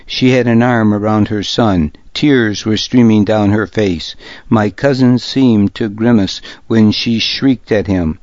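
A man reading a first-person audiobook in a measured, grave manner, close to the mic in a dull, lo-fi recording. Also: lowish voice, a little mellow, no echo. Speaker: audiobook narrator. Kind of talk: first-person scripted narration.

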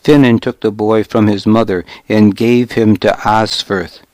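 Male audiobook narrator: low, very slow, grave, first-person telling in a dry studio. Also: steady tone, a little mellow, dry recording.

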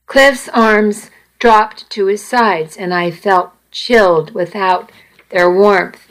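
A woman reading a first-person story aloud at an unhurried pace, with small restarts. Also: medium pitch, low-quality recording. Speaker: narrator reading a novel aloud. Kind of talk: first-person audiobook narration.

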